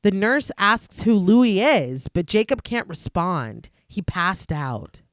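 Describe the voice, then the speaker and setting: A woman's voice: medium pitch, slow pace, no room sound. Woman narrating a film recap, dry sound. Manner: steady, descriptive narration with dry asides. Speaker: podcast host recapping a film. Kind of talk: reading a scripted plot recap.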